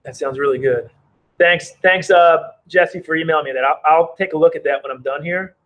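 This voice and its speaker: A man's voice: fairly high pitch, brisk, fairly bright tone, dull audio. A man homebrewing outdoors in the cold, chatting casually on a live stream and reading chat messages aloud.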